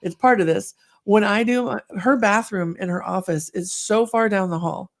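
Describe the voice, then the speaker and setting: A middle-aged woman co-hosting a podcast, chatting casually and telling lively stories, acting out what people said. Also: medium pitch, normal speed. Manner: chatty storyteller, acts out quotes. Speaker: podcast co-host. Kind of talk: casual chat.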